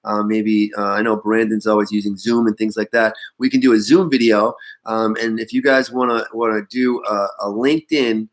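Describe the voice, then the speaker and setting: A man's voice: on the low side, fairly even intonation. A man hosting a business webinar, talking casually with lots of fillers and restarts in an upbeat way. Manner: halting, filler-heavy, upbeat. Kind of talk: casual online meeting talk.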